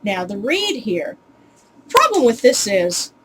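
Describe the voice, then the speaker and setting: A woman's voice: mid-range voice, sing-song, slow pace, fairly bright tone, slight background noise, poor audio. A woman casually teaching pronunciation in a home video, chatty and full of ums, with wry, exasperated asides. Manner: chatty, with many ums and uhs.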